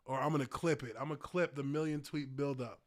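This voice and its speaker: A man in his thirties giving casual live-stream commentary, excitable and hyped, laughing often. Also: mid-range voice, quick pace.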